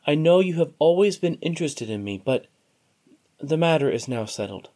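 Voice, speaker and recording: Storybook young noblewoman, kind but firm, soft-spoken, read by a man, lively rising and falling pitch. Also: moderate pace, close to an everyday voice. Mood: gentle.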